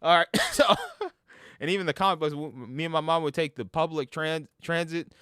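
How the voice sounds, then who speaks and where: A man's voice: a little high, moderate pace, clean tone, no echo, studio quality. A man ranting casually as a gaming streamer, swearing and tripping over his words. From New York. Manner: animated, profane, stumbles over words.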